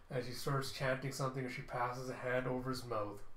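A man's voice: medium pitch, fairly bright tone, a little hiss or hum. Casual man narrating a comic read-through. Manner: loose, offhand, with fillers. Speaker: comic reviewer. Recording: roomy echo.

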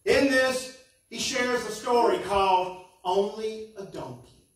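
High-voiced preaching man in echoey church. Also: slow pace. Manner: earnest, rising and falling preaching. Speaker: pastor. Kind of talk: sermon. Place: church sanctuary. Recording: echoey sanctuary from far off.

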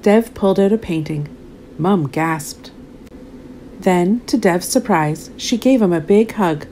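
A woman narrating a children's storybook aloud in an expressive, animated way. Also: on the low side, slow, a little hiss or hum.

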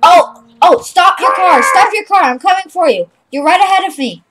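A woman's voice: extremely high pitch, animated, moderate pace, a bit bright. A young woman casually chatting while she plays a game, playful and silly, narrating her own moves. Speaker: channel host playing a game. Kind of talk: casual gameplay chat.

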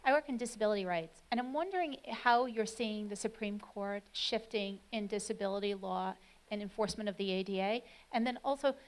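A woman's voice: medium pitch, brisk. A woman in the audience who works in disability rights, asking an earnest, slightly hesitant question.

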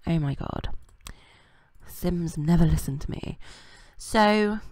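A woman's voice: fairly low pitch, takes it slowly, a little mellow, no echo. A British woman hosting a gaming channel, giving casual, rambling let's-play commentary full of fillers. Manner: chatty and rambling, with many fillers.

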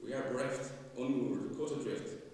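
A man, reading a fond, gently humorous eulogy for his mother at a funeral Mass. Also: medium pitch, normal speed, slight background noise. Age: 50s. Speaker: son giving a eulogy. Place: large church. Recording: echoey church, voice from far off.

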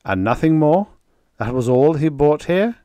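A man's voice: fairly high pitch, lively intonation, unhurried, mellow, no room sound, pitched above the performer's own voice. A man voicing a pushy male Earthman in an audiobook, pressing his questions urgently.

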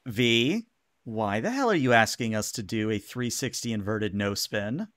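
A man's voice: lowish voice, animated, unhurried, a bit bright, no echo, studio quality. Man voicing a sardonic blind alien pilot.

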